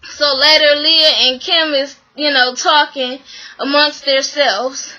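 Over dull-sounding audio, the same kind of bright, high-voiced woman unhurriedly recaps and comments on a reality show for her vlog. Exasperated and lively, she swears freely, uses slang and imitates whoever she's quoting.

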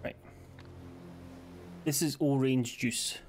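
A Scottish man streaming a game live, chatting casually, joking and swearing while thinking out loud. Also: mid-range voice, steady tone, slow pace, faint music behind. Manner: sweary, jokey, thinks aloud. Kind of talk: casual gaming stream chat.

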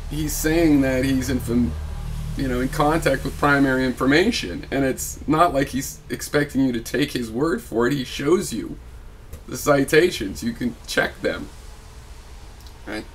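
A man's voice: medium pitch, unhurried, slight background noise. A man giving a casual spoken video reply, rambling with many fillers and restarts and growing heated and argumentative. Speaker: video blogger.

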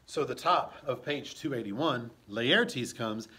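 A man's voice: medium pitch, lively intonation, slow pace, sharp tone, slightly rough. A man teaching, reading a play aloud and explaining it, with frequent check-ins to his listeners.

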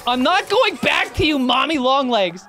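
A woman's voice: sits high, sing-song, normal speed, a bit bright, faint music behind. A young woman streaming a horror game, panicking, swearing and laughing as she plays.

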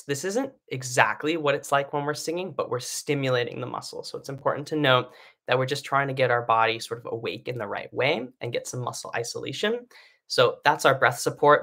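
A man's voice: mid-range voice, sharp tone. A man teaching an online singing lesson, explaining breathing in a casual way with lots of fillers and "right?" checks. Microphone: live stream setup.

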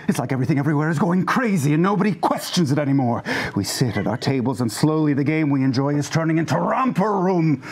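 A man plays up a grand, impassioned campaign speech as a parody. His voice sits high and swings widely in pitch as he orates. It's theatrical, rousing oratory from a tabletop game show cast member. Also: lively intonation, quick pace, hardly any pauses, darkish tone, slightly rough. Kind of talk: mock political campaign speech.

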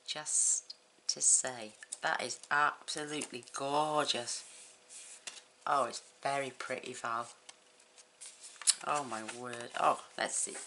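Woman craft host, low gravelly voice, unhurried and effusive, noisy room with paper crinkling behind. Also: fairly even intonation, pushed and bright. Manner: gushing, effusive exclamations. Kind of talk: casual unboxing chat.

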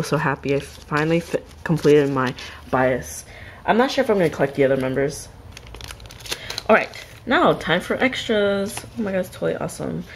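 Gushing excitable young woman, low voice. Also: slight background noise, low-quality recording. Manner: gushing, excitable, repeated exclamations; drops to soft near-whispers while handling items. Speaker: vlogger unboxing a trade package. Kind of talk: casual unboxing chat.

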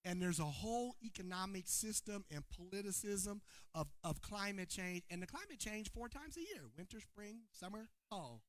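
A man preaching a sermon to his congregation, calling on people by name and swinging between shouted points and quiet asides. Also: high voice, dry recording, clean studio sound. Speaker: pastor. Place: church sanctuary before a congregation.

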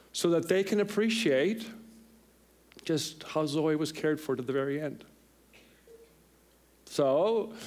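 A middle-aged man preaching a sermon in a church, telling a personal story with lively, animated delivery and voicing the people in it. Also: on the high side. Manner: animated storyteller, voices others in the tale. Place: church sanctuary.

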